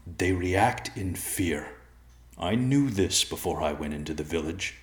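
A man voicing a wounded old male bear who speaks slowly and calmly as a stern father. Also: low voice, reverberant. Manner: slow, calm, commanding.

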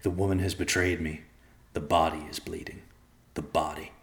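A man voicing a grim, volatile husband who swings from cold mutters to raw shouts. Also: extremely low pitch, little pitch movement, normal speed. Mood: brooding. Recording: echoey room.

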